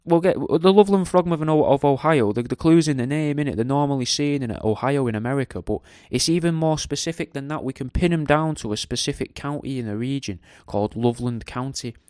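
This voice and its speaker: A man's voice: medium pitch, a little fast, few pauses, a little mellow, clear, resonant tone, dry recording, studio quality. A middle-aged man hosts a radio show, rambling in a jokey, crude, digressive way and tagging questions onto his lines. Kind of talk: casual rambling monologue.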